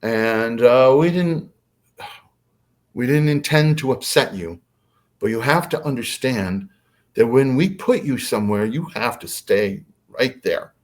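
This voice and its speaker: A man voicing a tall gray alien who explains a warning in a measured way. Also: medium pitch, lively intonation, lightly acted. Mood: stern calm.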